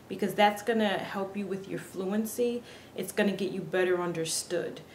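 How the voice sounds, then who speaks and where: Woman teaching vowels in an echoey room. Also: mid-range voice. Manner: earnest, repeats words slowly to demonstrate. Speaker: Spanish pronunciation teacher. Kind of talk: casual video lesson. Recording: echoey room with faint background hiss.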